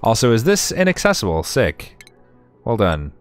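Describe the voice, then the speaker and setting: A man's voice: lowish voice, huge pitch swings, normal speed, smooth, soft background music. A man streamer giving casual gameplay commentary, chatty and sarcastic with himself, swearing often.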